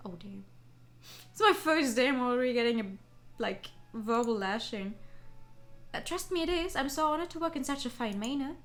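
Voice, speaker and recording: A woman on a gaming stream, reading a visual novel aloud with excitable, giggly reactions. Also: sits high, moderate pace, soft background music. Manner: excitable, giggly, swears casually.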